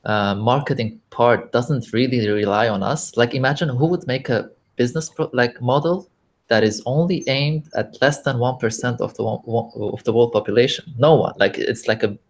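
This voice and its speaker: A man's voice: medium pitch, moderate pace. A man guesting on a casual online panel, explaining his view earnestly with many filler words. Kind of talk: casual online group chat.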